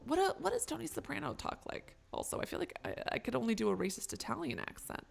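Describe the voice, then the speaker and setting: Young woman streamer, casual chat, lively pitch, gravelly fry, faint music behind. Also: fast, few pauses. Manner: chatty, self-mocking, swears and laughs a lot. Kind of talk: live game stream commentary.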